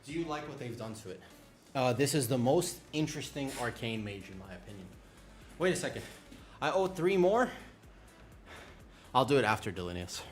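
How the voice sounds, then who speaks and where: A man's voice: mid-range voice, animated, moderate pace, pauses often, soft background music. A young man streaming a game, slightly out of breath from exercise and joking casually with his viewers. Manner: joking, chatty, talks to viewers. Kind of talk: casual live-stream chat. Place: home room with a fan.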